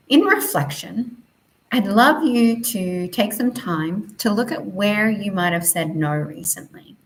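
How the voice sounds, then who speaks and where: A woman teaching a spiritual lesson in a soft, flowing, affirming way, with gentle emphasis. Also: fairly low pitch, rough recording.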